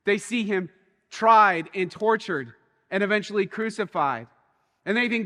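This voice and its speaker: A man preaches a sermon, his voice high and bright. He tells a story animatedly, dropping quiet and then rising with excitement. A long reverb from the church hall trails behind him. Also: measured pace. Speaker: pastor.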